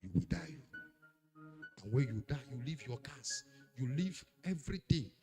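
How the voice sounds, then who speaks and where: A man preaching a sermon, swinging between loud declarations and hushed warnings. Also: mid-range voice, expressive, moderate pace, over music. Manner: dramatic, swings from shouting to hushed. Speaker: pastor.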